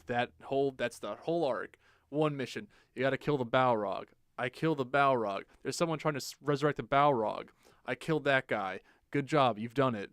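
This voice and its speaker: Young male co-host, casual and animated, acts out quotes, swears freely, dry sound. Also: medium pitch, moderate pace, clear, resonant tone, no echo. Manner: animated storytelling, acts out quotes in silly voices. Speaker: podcast co-host. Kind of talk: casual chat.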